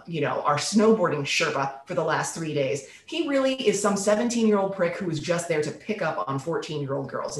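A woman telling a comic story in a casual, animated way, swearing freely and acting out the voices of people she quotes. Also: on the low side. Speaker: storyteller on a podcast. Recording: roomy echo.

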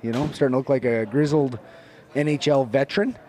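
A man co-hosting a casual podcast, relaxed, often trailing off quietly. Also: mid-range voice, fast, slight background noise. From Canada. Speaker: podcast co-host. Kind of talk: casual chat.

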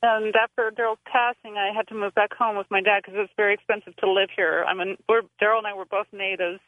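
A woman from Southern California calling a radio show, excited and nervous as she talks. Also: mid-range voice, fast talker, no echo. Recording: tinny phone line.

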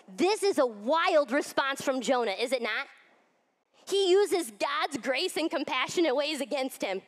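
High-voiced woman preaching a sermon. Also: unhurried. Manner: candid, animated, reads scripture aloud. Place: church.

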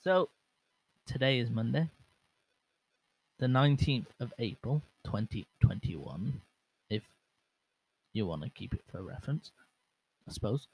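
Slow and expressive, pausing often, a young podcast host with a mid-range, slightly rough voice chats alone, self-deprecating and rambling with frequent fillers and restarts. His bare, unscreened mic is monitored on a headset, and the audio quality is low.

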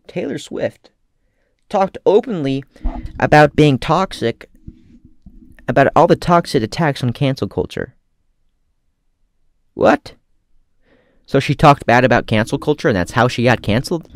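A man giving casual comedic commentary as a vlogger, rambling and profane with deadpan asides. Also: medium pitch, a little slow, long pauses, no echo.

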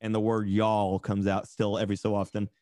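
A man's voice: lowish voice, completely flat delivery, fairly quick, warm tone, no echo, studio quality. Sarcastic chatty man, light Southern accent. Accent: mild Southern US. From East Tennessee, USA. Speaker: podcast guest. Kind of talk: casual podcast chat.

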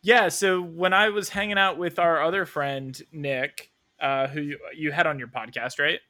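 A man as a podcast guest, telling stories in a casual, animated way, laughing often and swearing freely. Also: on the high side, normal speed. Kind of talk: casual storytelling.

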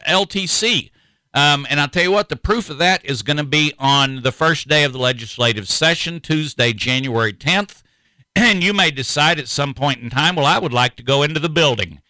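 A folksy man hosts a radio talk show and rambles casually from one point to the next. His voice is bright and edged, at a middling pitch. The sound is dry, with no room around it. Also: clean tone, no echo, rough recording.

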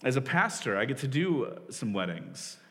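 A chatty pastor in a reverberant hall. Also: male voice, medium pitch, sing-song, normal speed, fairly bright tone. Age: 40s. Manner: conversational, self-deprecating, with frequent laughs and restarts. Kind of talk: sermon. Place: church hall. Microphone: stage microphone. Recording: long reverb of a large hall.

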